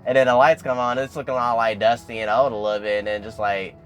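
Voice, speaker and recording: Casual male vlogger, chatty episode recap, filler-heavy, soft music behind. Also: mid-range voice, flat delivery, fast. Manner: chatty, peppered with "like" and "and everything".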